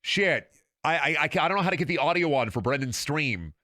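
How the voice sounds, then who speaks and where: A man's voice: a little high, expressive, brisk, pushed and bright, no room sound, clean studio sound. A man streaming a video game, talking in a sarcastic, rambling, profane way with frequent laughing and repeated words. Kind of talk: casual game livestream commentary.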